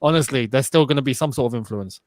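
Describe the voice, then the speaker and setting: A man's voice: medium pitch, quick pace, dry recording. A young man co-hosting a casual football chat, emphatic and opinionated. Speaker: podcast co-host.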